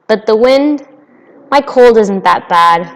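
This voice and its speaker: A woman voicing a proud, delicate female flower in a storybook reading, speaking gently. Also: on the high side, lively intonation, slow. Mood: tender, proud. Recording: long reverb.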